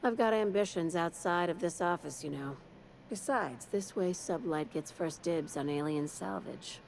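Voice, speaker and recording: A woman's voice: on the low side, normal speed, vocal fry, slight background noise. A woman voicing a cynical corporate woman who hires an assassin in a video game, blunt and sardonic.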